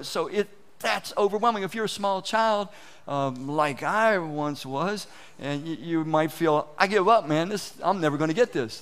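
A man's voice: high voice, clean tone. A man giving a conversational, folksy sermon, acting out inner voices and often restarting his words. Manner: animated, acts out inner voices. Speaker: preacher.

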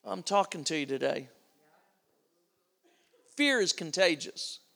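Gravelly, high-pitched man preaching. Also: slow. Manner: animated storyteller, acting out dialogue. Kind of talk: sermon with storytelling.

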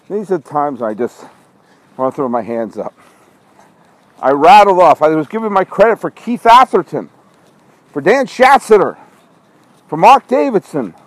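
A man with a slightly high voice, no echo and a rough recording hosts a walking monologue podcast in an outdoor parking lot at night. He scolds himself in an exasperated ramble while street noise and a truck backing up can be heard.

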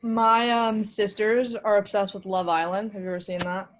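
A woman's voice: medium pitch, flat delivery, normal speed. Bubbly young woman co-host. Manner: bubbly, chatty, laughs easily.

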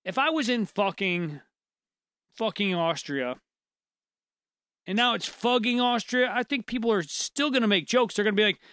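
A man's voice: high-pitched, moderate pace, long pauses, bright, forceful tone, smooth, no echo, studio quality. A man co-hosting a podcast, reading news aloud and joking, laughing and swearing often. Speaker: podcast co-host.

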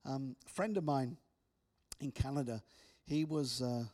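Male preacher, storytelling testimony, drops to hushed tones. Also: medium pitch, measured pace. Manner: storytelling with repeated restarts, soft dramatic drops. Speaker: speaker.

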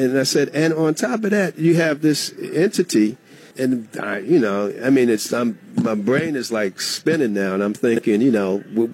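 A middle-aged man, a former state legislator, telling a story as a guest in a radio interview. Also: mid-range voice. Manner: animated storyteller, acts out quoted dialogue.

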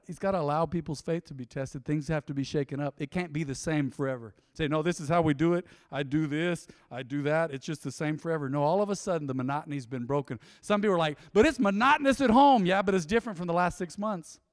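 A man preaching a sermon as pastor, emotive and energetic, swinging between loud bursts and quiet asides. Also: a little high, fast, hardly any pauses, no echo, studio quality, in a large hall.

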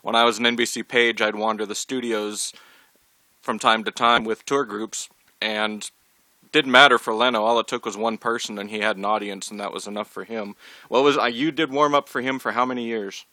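Podcast host guy, easygoing questions, forceful voice, dry sound. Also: on the low side, fairly even intonation, a little fast, no room sound. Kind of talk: casual interview.

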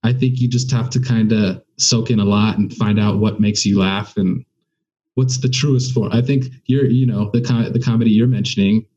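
A man's voice: fairly low pitch, steady tone, moderate pace, mellow, husky, highs cut off. A man who does stand-up comedy, talking as a guest in a casual conversation and thinking aloud with many restarts.

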